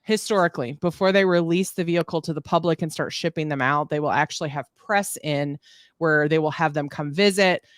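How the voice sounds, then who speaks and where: A woman's voice: low-pitched, fairly quick, no echo, clean studio sound. A woman co-hosting a podcast in casual chat, reading out listener questions and laughing often. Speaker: podcast co-host.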